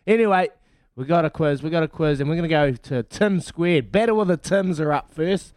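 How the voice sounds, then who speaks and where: Nz radio guy doing a morning quiz, kinda high voice, dry close studio mic. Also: dry recording. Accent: New Zealand. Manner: brisk and matey, counting down loudly. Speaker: breakfast radio host. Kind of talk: upbeat radio quiz hosting. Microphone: studio microphone.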